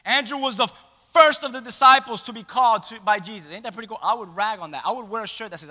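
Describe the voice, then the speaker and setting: A male pastor preaching a sermon in a playful, animated storytelling way, acting out the scenes he describes. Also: sits high, quick pace, in a large hall.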